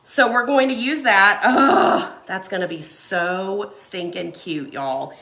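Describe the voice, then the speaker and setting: A woman's voice: mid-range voice, animated, slow pace, gravelly, sharp tone, roomy sound. A woman who has a cold, chatting casually and laughing as she crafts and answers viewer comments. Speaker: craft livestream host. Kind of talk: casual chat while crafting.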